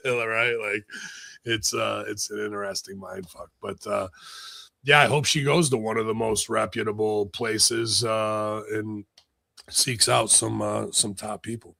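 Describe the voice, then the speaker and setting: A man's voice: on the low side, steady tone, a little slow, gravelly, pushed and bright, no room sound. A man co-hosting a podcast, talking in blunt, profane, rambling casual commentary. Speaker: podcast co-host.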